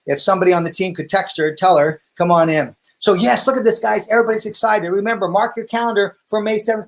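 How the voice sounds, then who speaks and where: A man's voice: high voice, quick pace, vocal fry, hardly any pauses. A middle-aged man hosting a hair education livestream, enthusiastically thanking viewers and calling out to his family off camera. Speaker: hair education show host. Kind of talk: livestream closing address to viewers.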